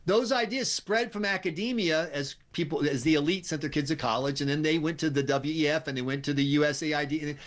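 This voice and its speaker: A man's voice: fairly high pitch, fairly quick, hardly any pauses. A man appearing as a political commentator on a radio show, speaking emphatically and sarcastically. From United States. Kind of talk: talk radio interview.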